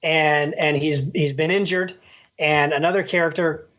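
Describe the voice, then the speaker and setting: A man's voice: on the high side, steady tone, normal speed, fairly bright tone, dull audio. A man co-hosting a podcast, chatting casually about movies with frequent restarts and filler words. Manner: rambling, many restarts and "like"s. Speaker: podcast co-host. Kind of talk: casual movie review chat.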